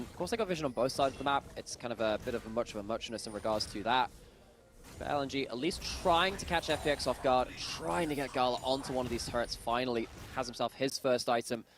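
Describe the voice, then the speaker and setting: Male esports caster, rapid delivery, playful commentary. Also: mid-range voice, slight background noise. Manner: playful, jokey asides. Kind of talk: live play-by-play commentary.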